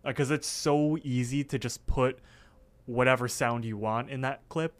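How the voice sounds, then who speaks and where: A man's voice: mid-range voice, fairly even intonation, normal speed. A man co-hosting a casual podcast, retelling cartoon scenes with lots of fillers. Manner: recaps scenes with many fillers. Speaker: podcast co-host.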